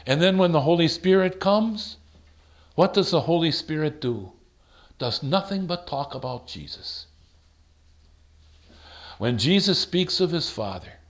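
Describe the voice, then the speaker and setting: A man leading a Bible study, thinking aloud with rhetorical questions and slowing down to stress the verses he reads. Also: fairly high pitch, lively intonation. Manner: slows down to stress quoted verses. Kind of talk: conversational Bible teaching.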